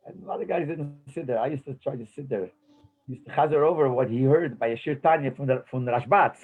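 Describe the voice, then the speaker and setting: An older man reminisces at length, his husky voice coming through thin and phone-like. He rambles from one memory to the next, dropping Yiddish phrases into his English. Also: medium pitch, quick pace. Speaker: interviewee recalling memories. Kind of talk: casual storytelling interview. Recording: tinny phone-like audio.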